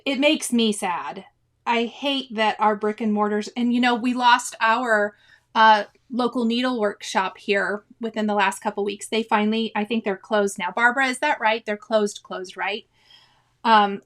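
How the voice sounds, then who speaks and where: A high-voiced woman in her forties talks casually through a cross-stitch livestream. She reads viewers' comments aloud, laughs often and keeps breaking into exclamations. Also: fairly bright tone. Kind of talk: casual chat reading live comments.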